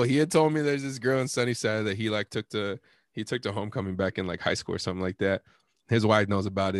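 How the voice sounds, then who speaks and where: A man's voice: lowish voice, dry recording, studio quality. Laid-back slangy young man telling a story. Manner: laid-back slangy storyteller, laughs often, acts out both sides of the exchange. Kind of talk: casual storytelling chat.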